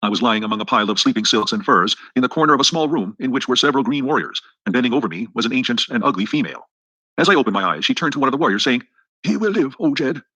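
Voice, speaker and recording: Male audiobook narrator, fast and husky, brisk even storytelling. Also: mid-range voice, no echo, rough recording. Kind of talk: scripted narration.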